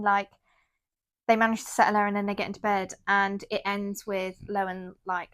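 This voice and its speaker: A woman's voice: medium pitch, little pitch movement, moderate pace, fairly bright tone. A woman, casually retelling a novel's plot on a podcast and quoting its characters. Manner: chatty retelling, quotes characters. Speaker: podcast co-host. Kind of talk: casual book chat.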